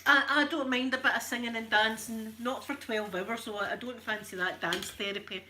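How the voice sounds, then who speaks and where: A woman's voice: on the high side, fairly even intonation, brisk, pushed and bright, a little hiss or hum. A middle-aged woman with a Scottish accent chatting casually and joking through an ASMR ironing video, laughing often. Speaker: ASMR creator.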